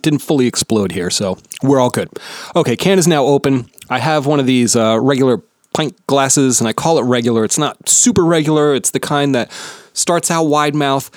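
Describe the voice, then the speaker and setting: A man's voice: medium pitch, no echo. Casual profane podcast guy, dry sound. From New Jersey, USA. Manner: rambling, profane, self-deprecating. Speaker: podcast host. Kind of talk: casual solo podcast chat. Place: home basement.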